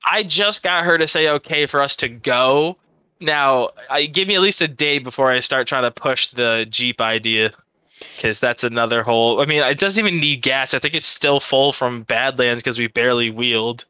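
A man co-hosting a podcast, rambling and thinking out loud in casual chat, swearing freely. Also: mid-range voice, moderate pace, smooth, dry recording. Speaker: podcast co-host.

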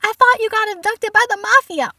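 A young woman voicing a panicky, overprotective middle-aged parent who shouts wild worries. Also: fairly quick, no echo, studio quality, distant mic, exaggerated voice. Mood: frantic. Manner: frantic, shrill exaggeration.

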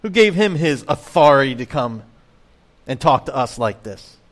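A man's voice: mid-range voice, sing-song, moderate pace. A man preaching a sermon in a conversational way, full of rhetorical questions and acted-out voices of the crowd. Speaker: pastor.

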